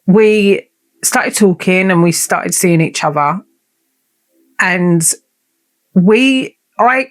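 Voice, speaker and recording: A woman's voice: low-pitched, gravelly. A woman, hosting a podcast and telling a story in a blunt, sweary, chatty and self-mocking way. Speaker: podcast host. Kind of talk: casual storytelling monologue.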